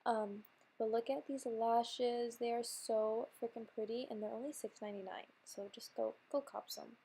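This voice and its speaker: A woman's voice: on the high side, fairly even intonation, normal speed, creaky, dark tone, husky. A young woman talking through a makeup tutorial in a chatty, bubbly way, sounding slightly nasal from a cold. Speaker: beauty vlogger. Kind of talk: casual makeup tutorial voice-over.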